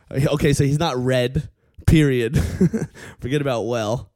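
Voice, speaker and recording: A man's voice: mid-range voice, slow, dry recording. A man delivering a profane comedic rant, often stopping with a pointed "okay?". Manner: animated, profane, heckles the audience with repeated "okay?".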